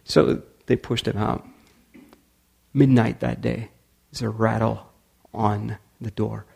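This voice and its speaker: Male storyteller giving a talk, animated, acting out quotes, husky with gravel. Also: on the low side, takes it slowly. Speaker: speaker.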